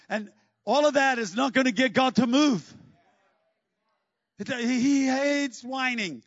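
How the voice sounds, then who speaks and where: A man preaching a sermon in an animated, joking way, breaking into shouts. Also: very high-pitched, unhurried, pauses often, no room sound, highs cut off. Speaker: pastor.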